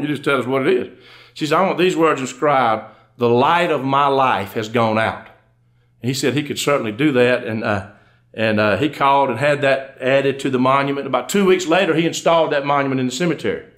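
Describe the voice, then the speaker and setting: A man's voice: medium pitch, a bit bright. A middle-aged man with a Southern US accent telling folksy jokes live on stage, a country undertaker acting out both sides of each dialogue. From Georgia, USA. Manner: folksy drawl, quick storytelling, acts out both spouses in dialogue. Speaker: comedian and undertaker. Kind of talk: live stand-up storytelling. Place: live stage before an audience.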